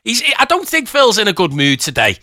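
A man's voice: sits high, huge pitch swings, brisk, pushed and bright, no echo, studio quality. A man hosting a radio show, chatting casually and playfully with a co-host.

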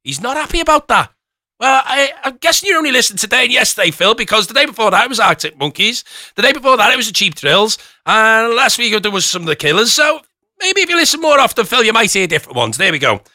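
Lively high-voiced radio host man. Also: quick pace, dry recording, studio quality. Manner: chatty, playful, teasing. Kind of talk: casual radio banter.

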